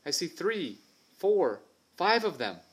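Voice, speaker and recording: A man voicing a bold, resourceful young girl who talks in a brisk, practical, commanding way. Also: a little high, sing-song, husky, pitched above the performer's own voice, heavily acted. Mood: excited.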